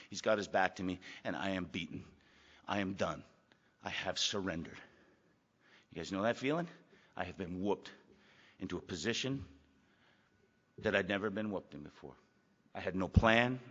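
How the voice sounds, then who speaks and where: An older man giving a blunt, emphatic personal testimony to a recovery meeting, gruff and profane, repeating phrases for weight. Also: sits low, moderate pace, pauses often, fairly bright tone. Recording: echoey hall, dull lo-fi sound.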